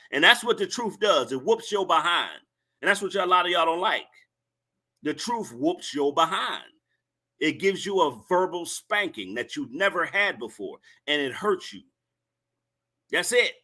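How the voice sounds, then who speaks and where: A man with a fairly high, bright, forceful voice hosts a livestream. He scolds his chat at length, and he repeats his points over and over. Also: big pitch swings, unhurried. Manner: lecturing, scolding, repetitive. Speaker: livestream host. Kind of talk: ranting commentary to a live chat.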